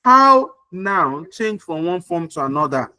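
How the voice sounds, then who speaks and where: High-voiced tutor checking understanding. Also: male voice, sing-song, measured pace, pushed and bright, no room sound. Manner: repeats points and checks understanding often. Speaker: English tutor. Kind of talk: online grammar class. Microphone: video call.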